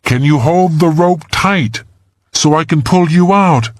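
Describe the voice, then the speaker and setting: A man doing a calm, steady young woman rescuer. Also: on the high side, a little slow, dry recording, voice pushed up, lightly acted. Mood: urgent. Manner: steady, reassuring, takes charge. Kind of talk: audiobook character voice.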